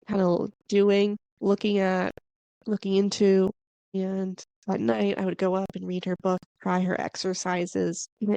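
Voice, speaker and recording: A woman hosts a spirituality podcast, telling her story in a chatty, meandering monologue packed with "like" and "kinda." Her mid-range voice is creaky and warm, recorded with no echo.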